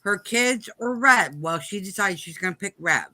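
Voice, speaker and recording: Adult, casual chat, laid-back, lively up-and-down voice. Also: medium pitch, moderate pace.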